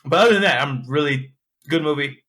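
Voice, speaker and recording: A man guesting on a casual podcast, speaking haltingly with many restarts and fillers. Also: fairly high pitch, a bit bright. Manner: halting, full of restarts and ums.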